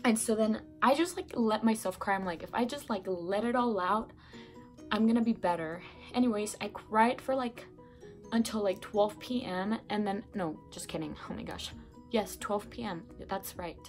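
A woman's voice: medium pitch, moderate pace. Young woman, casual vlog, chatty, rambling, congested, bedroom, faint music behind. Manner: chatty, rambling, self-correcting with many fillers. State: sick and congested. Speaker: vlogger. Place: bedroom at home.

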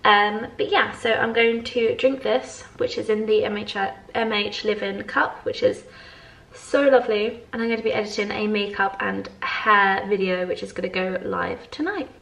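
A woman's voice: medium pitch, moderate pace, vocal fry, a bit bright. A young woman chatting casually in a home vlog, bubbly and effusive, laughing often as she talks. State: out of breath. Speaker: lifestyle vlogger. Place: her flat at home.

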